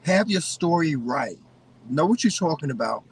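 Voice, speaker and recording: A man co-hosting a casual chat, giving opinions in an animated way and often restarting his sentences. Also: a little high, moderate pace, slightly rough, far from the mic, low-quality recording. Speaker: co-host.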